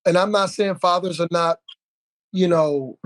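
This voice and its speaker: Man, podcast talker: higher pitch, animated, indignant storyteller. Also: unhurried. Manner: animated storyteller, indignant, many fillers and restarts. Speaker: podcast conversation partner. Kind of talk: casual podcast conversation.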